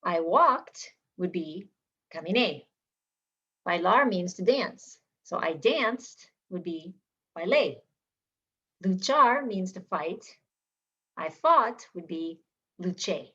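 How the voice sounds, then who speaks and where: A woman teaching a Spanish lesson, drilling verb endings slowly and clearly for learners to repeat. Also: fairly low pitch, animated, pushed and bright. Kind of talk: language lesson. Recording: slightly dull lo-fi sound.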